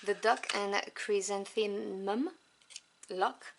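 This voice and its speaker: A woman whose first language is French, reviewing tarot cards one by one. She lists each card softly and without hurry, adding fond little asides. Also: mid-range voice, steady tone, creaky, slight background noise. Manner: soft, unhurried listing with fond asides.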